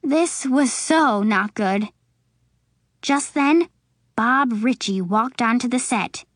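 Female storybook narrator, unhurried and expressive, higher voice, dry close sound. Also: no echo. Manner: slow, expressive reading with voices for characters. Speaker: audiobook narrator.

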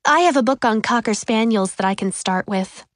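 Woman reading as a gentle kind schoolgirl, mild, slightly high, dry sound. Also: normal speed, no room sound, natural voice.

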